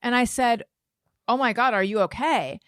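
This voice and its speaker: A woman co-hosting a casual podcast, telling a story with animated, acted-out quotes. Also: on the high side, normal speed, no echo, studio quality. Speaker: podcast co-host. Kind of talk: casual chat.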